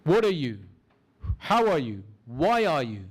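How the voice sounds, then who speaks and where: Man teaching a class with interactive questions. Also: a little high. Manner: lively teaching, asks the audience questions; slows down for emphasis in guided imagery. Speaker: course instructor.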